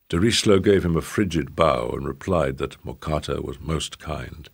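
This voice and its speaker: A man reading a novel aloud as narrator, measured and grave. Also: a bass voice, gravelly, husky. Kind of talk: audiobook reading.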